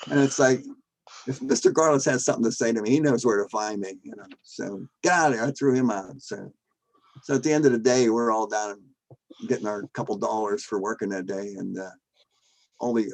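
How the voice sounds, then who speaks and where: A man in his seventies, a guest telling an anecdote in a lively way, acting out the shouting in his quotes and laughing between lines. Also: lowish voice, no room sound, rough recording. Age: 70s. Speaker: guest, former drag strip starter.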